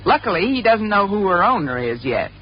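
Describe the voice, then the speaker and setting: A woman's voice: mid-range voice, big pitch swings, brisk, muffled recording. Wisecracking woman on old radio. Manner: wisecracking, flustered, playful. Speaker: schoolteacher in a radio comedy. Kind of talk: 1950s radio sitcom acting. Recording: old radio broadcast with live audience laughter and hiss.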